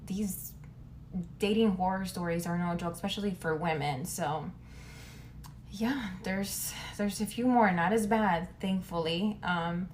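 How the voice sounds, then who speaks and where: A woman's voice: on the low side, a little slow, a little hiss or hum. Rambling young woman telling a storytime. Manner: rambling, profane, lots of "like". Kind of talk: casual storytime.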